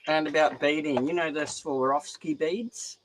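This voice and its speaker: A man's voice: on the high side, moderate pace, poor audio. A young Australian man chatting casually about crafts, rambling and swearing freely. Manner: profane, rambling, animated. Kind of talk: casual chat.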